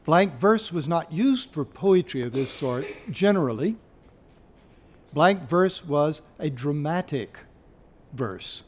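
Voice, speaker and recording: A middle-aged man lecturing on literature at an unhurried pace. His voice sits a little high for a man, and he pauses often as he works through his points. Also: animated. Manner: slow, measured, searching for his place, with pauses. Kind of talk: university lecture.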